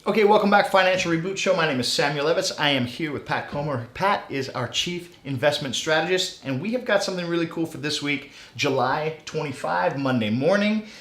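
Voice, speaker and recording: A man's voice: fairly high pitch, animated, fairly quick, few pauses, fairly bright tone, reverberant. A man hosting a finance web show, upbeat and salesy, talking straight to viewers. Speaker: show host.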